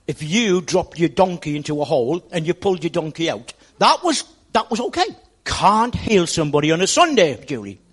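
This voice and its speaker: A pastor preaching a sermon in a church, speaking straight to the congregation and repeating words for emphasis. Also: male voice, a little high.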